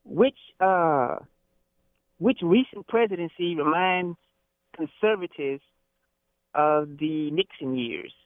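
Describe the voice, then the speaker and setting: A man's voice: a little high, takes it slowly, pauses often, dry recording. Folksy man on a phone line. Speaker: caller. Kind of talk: phone-in call.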